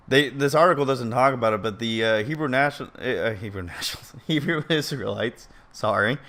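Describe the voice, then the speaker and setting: A man's voice: mid-range voice, fairly quick, few pauses, a bit bright. A man giving casual commentary as he reads an article aloud, earnest and opinionated, rambling and often stumbling and correcting himself. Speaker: video commentator.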